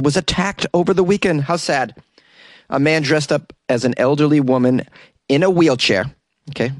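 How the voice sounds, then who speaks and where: A male comedian hosting a comedic news podcast, delivering the stories with wry, deadpan asides. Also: medium pitch, no room sound. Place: inside a closet.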